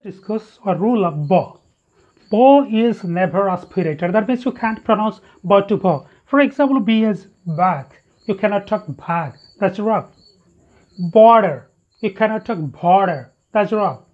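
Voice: mid-range voice, moderate pace. A teacher giving a phonetics lesson, drilling example words one by one and correcting wrong pronunciations. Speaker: English teacher. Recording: dull lo-fi recording.

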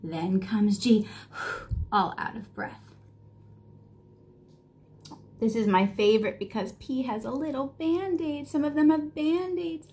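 A woman reading a picture book aloud to children, playful and expressive, sometimes dropping to a whisper and sometimes rising in excitement. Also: high voice, slow, pauses often. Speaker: children's storybook reader.

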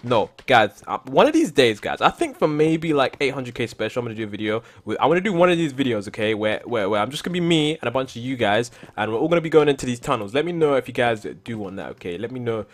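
A young man doing casual Minecraft commentary who keeps talking to his viewers and bursts into shouts when something goes wrong. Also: mid-range voice, fast talker, hardly any pauses. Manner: excitable, talks to viewers, repeats "guys", bursts into shouts. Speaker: gaming YouTuber.

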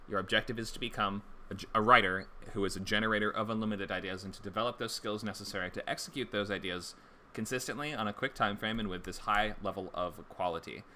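A man's voice: lowish voice, bright, forceful tone, slight background noise. A man teaching a screenwriting class in a loose, conversational way, full of fillers and restarts, and he has the hiccups. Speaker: screenwriting instructor. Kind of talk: casual livestream lecture.

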